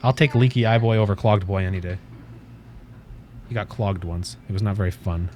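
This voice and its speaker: A man's voice: fairly low pitch, fairly even intonation, a little fast, a little mellow, a little hiss or hum. A man hosting a casual livestream from his desk at home, rambling, swearing offhandedly and cooing at his cat. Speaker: livestream host.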